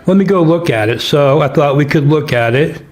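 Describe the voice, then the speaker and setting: Brief: male stream host, slightly high voice, snarky and crude running commentary. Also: moderate pace, darkish tone. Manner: mocking, profane, sarcastic. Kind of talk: livestream commentary.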